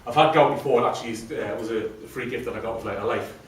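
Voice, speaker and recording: A man's voice: medium pitch, racing, a little hiss or hum. A man telling his own story to a live audience, chatty and self-deprecating. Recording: very echoey room from a distant mic, faint ambience.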